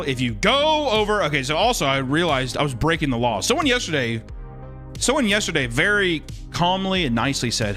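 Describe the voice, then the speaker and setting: A man's voice: medium pitch, sing-song, fairly quick, sharp tone, soft background music. A man chatting casually on a live stream while drawing, rambling and joking with crude humor.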